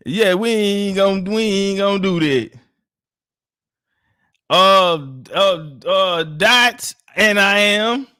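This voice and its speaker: A man's voice: high-pitched, very slow, pauses often, pushed and bright, smooth, no room sound, clean studio sound. A man from Texas, hosting a livestream and bantering with viewers in a joking, boastful, profane way. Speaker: livestream host. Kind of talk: casual livestream chat with viewers.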